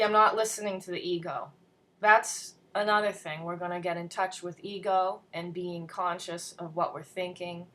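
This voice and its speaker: Slow, earnest woman leading a lesson. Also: lowish voice, fairly bright tone. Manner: slow, earnest, with many ums and dropped whispered asides. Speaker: spiritual study leader. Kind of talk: casual morning video lesson. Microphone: built-in camera mic.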